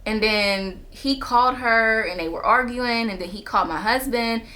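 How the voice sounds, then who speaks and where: A woman telling a storytime vlog. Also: normal speed. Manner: animated retelling, jumping up in pitch when quoting herself and others. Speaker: vlogger telling a personal story. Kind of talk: casual storytime monologue. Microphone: camera on a stand.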